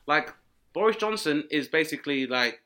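A man ranting comically, jumping into mock voices and shouted punchlines. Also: on the high side, expressive, normal speed, a little hiss or hum. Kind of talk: comic rant with acted-out voices.

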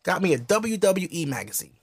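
A man hosting a podcast, ranting in casual comedic style, animated and profane. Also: high-pitched, a little fast, breathy edge. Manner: animated, profane storytelling with voiced asides. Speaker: podcast host.

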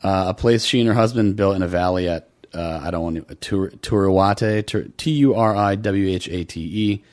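A man's voice: low voice, normal speed, darkish tone, no echo. A man co-hosting a casual podcast, reading out a story with many fillers and restarts. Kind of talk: casual chat.

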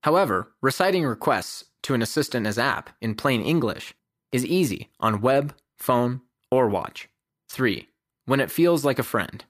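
A man reading a prepared essay as the host of a podcast, in a measured, even delivery. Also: medium pitch, no echo, clean studio sound. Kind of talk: scripted essay narration.

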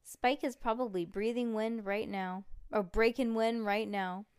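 A woman's voice: on the high side, steady tone, a little slow, a little mellow, smooth, no echo, clean studio sound, natural voice. A woman reading aloud as an earnest young boy who insists on his facts, in a storybook read-aloud. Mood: insistent. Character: eager young boy, fish-loving little brother.

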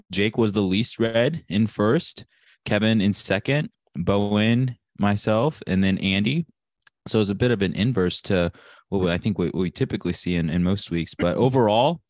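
A man's voice: fairly low pitch, darkish tone, no echo, clean studio sound. A man running the betting segment of a casual sports podcast, wry and self-deprecating.

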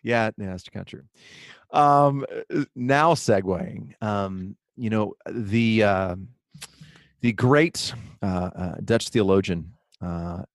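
A man's voice: on the low side, no room sound. A man co-hosting a podcast, speaking earnestly about faith, reading quotes aloud with many fillers and restarts. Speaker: podcast co-host. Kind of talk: casual podcast talk, preaching on theology.

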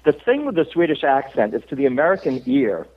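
Over a tinny phone-like connection with a little hiss or hum, a middle-aged actor from Cape Cod, Massachusetts, is interviewed casually. He talks fairly quickly in a mid-range voice full of big pitch swings, telling stories chattily and laughing often.

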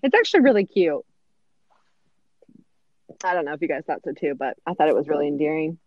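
A woman's voice: low-pitched, very animated, fairly quick, no echo, muffled recording. A woman in her thirties co-hosting a podcast, chatting casually with lots of fillers and laughter. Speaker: podcast co-host. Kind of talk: casual chat recapping a sitcom episode.

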